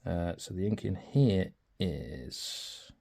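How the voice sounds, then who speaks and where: Man, low voice, gravelly, casual pen review, chatty and informal. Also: animated, slow pace, dark tone. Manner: chatty, informal, thinking aloud.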